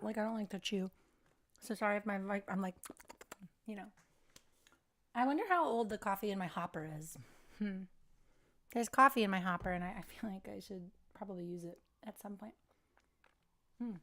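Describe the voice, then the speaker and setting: A woman hosts a relaxed livestream, talking to her viewers in loose, rambling chat. Her voice sits at an ordinary middle pitch and is recorded close and dry, with no room sound. She drifts between thoughts and leaves sentences unfinished. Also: dry recording. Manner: rambling, chatty, trailing off mid-thought. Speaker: livestream host.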